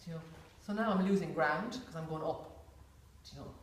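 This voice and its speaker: A woman's voice: low-pitched, brisk. Woman teaching in an echoey room. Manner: chatty, many "you know"s, acts out little voices. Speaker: workshop facilitator. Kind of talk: informal workshop talk. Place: large echoey room with a group. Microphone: distant room mic. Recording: echoey room, far from mic, faint hiss.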